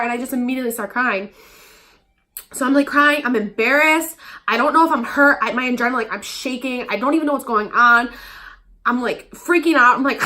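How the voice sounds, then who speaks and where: Bright, chatty young woman telling a story. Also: high voice, fast. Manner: chatty, heavy use of "like", acts out quotes. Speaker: vlogger. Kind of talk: casual storytime monologue.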